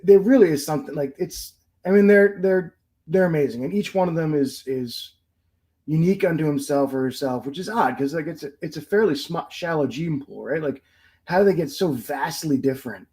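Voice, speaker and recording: A man's voice: fairly high pitch, brisk, warm tone, low-quality recording. A man in his forties, a podcast guest, telling family stories in casual chat and laughing often.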